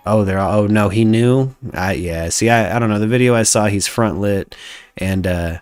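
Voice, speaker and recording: Low-voiced guy hosting a podcast, rambly and sweary, faint music behind. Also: normal speed, darkish tone, clear, resonant tone. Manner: rambling, profane, trailing off. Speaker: podcast host. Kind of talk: casual chat reading live chat comments.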